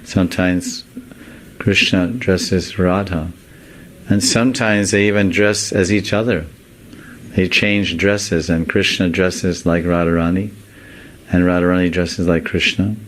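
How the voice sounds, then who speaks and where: A monk teacher giving a devotional sermon in slow, deliberate, animated storytelling. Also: male voice, low-pitched, rough recording.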